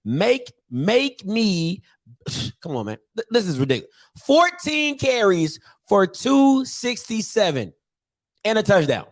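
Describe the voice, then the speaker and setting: A man hosting a casual live-streamed sports talk show, animated and exasperated, repeating himself for emphasis. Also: sits high, slow pace, dry recording. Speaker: host of a college football show.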